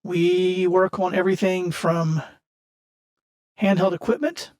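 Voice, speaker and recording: Man playing a shady salvage-yard boss: smooth, businesslike, persuasive, slow over key words, tabletop game NPC. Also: high-pitched, flat delivery, voice pushed up. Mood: smooth pitch.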